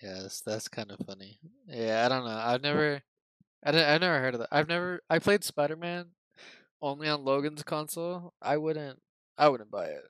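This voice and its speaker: A man's voice: fairly high pitch, moderate pace, a bit bright, clean tone, no echo, low-quality recording. A young man guesting on a podcast, chatting casually with laid-back, dry remarks. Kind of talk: casual chat.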